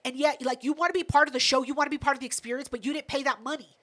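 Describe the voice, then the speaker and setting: High, bright-voiced ranting woman. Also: racing. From United States. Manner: animated ranting storyteller, swears a lot. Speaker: podcast co-host. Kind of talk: casual chat.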